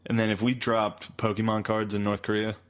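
A man with a fairly low voice bantering on a podcast. He teases his co-host with dry, crude jokes in loose, easy talk. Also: completely flat delivery, brisk. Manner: dry, teasing, profane.

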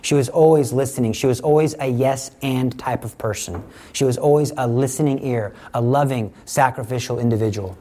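A middle-aged man giving a conversational sermon, teaching with lively examples and acted-out quotes. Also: medium pitch, a little fast, few pauses, slight background noise. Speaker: preacher.

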